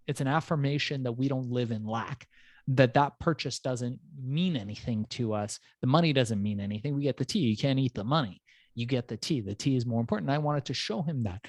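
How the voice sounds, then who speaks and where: A man's voice: medium pitch, a little mellow, no room sound. Male podcast host, rambling casual storyteller with the odd curse word, dry close mic.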